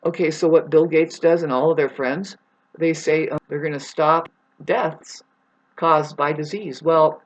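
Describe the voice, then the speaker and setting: A woman in a rambling spiritual monologue, agitated and profane, swinging between loud outbursts and low muttering. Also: steady tone, a little slow, lo-fi sound. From United States. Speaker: spiritual vlogger.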